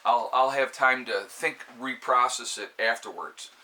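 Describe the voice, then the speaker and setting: A man with a New York accent, hosting a casual live stream and giving steady, calm advice with plenty of fillers and restarts. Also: medium pitch, a little slow, low-quality recording. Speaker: prepper channel host. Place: indoors by a fire, with a cat nearby.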